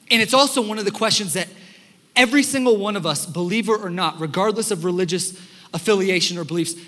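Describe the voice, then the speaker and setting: A young man preaching a sermon as pastor, telling stories in an animated, conversational way with fillers, in a church sanctuary. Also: high-pitched. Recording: long hall reverb in a church.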